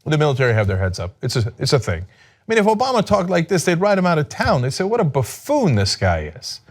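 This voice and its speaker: A man giving sarcastic political commentary, mocking and exasperated, firing off rhetorical questions. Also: quick pace. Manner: mocking, exasperated, reads quotes aloud; rhetorical questions, lively pitch swings.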